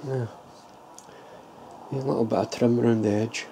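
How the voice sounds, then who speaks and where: His voice is mid-range and dark, steady in tone at normal speed. He casually shows his homemade model trailer build in a show-and-tell vlog, thinking aloud with loose restarts, over clear background ambience noise.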